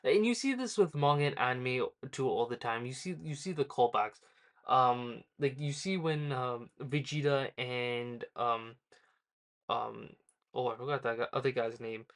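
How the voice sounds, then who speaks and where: Male reviewer, mid pitch, casual and rambling, filler-heavy delivery. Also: a little slow, fairly bright tone. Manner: rambling, many ums and uhs, retells scenes loosely. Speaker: manga reviewer.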